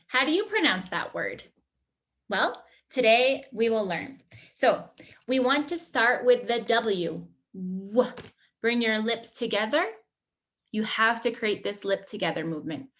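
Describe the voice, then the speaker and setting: A woman teaching pronunciation as a coach, drilling single sounds slowly and repeating each one many times. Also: on the high side, fairly bright tone. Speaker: accent coach. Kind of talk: pronunciation lesson.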